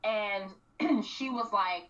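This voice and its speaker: A woman co-hosting a radio show, animatedly recapping a reality series and acting out quotes with frequent throat clearing. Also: medium pitch, extremely slow, a bit bright. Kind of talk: casual recap chat. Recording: distant, dull lo-fi radio mic.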